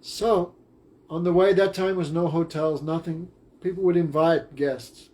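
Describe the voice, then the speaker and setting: A man's voice: fairly high pitch, steady tone, moderate pace, a little mellow. Brief: male teacher, storytelling in class, plain and simple, light background noise. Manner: simple, short-phrased retelling.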